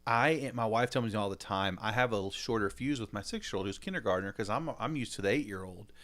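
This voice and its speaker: Animated storytelling man, casual. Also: fairly low pitch, fairly quick. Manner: animated storytelling, acting out dialogue; casual slangy talk. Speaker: podcast host. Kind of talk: casual podcast chat.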